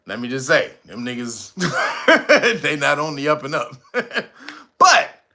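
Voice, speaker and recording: A man hosting casual political commentary, profane and animated, laughing often. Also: a little high, slow pace, vocal fry. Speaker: commentary channel host.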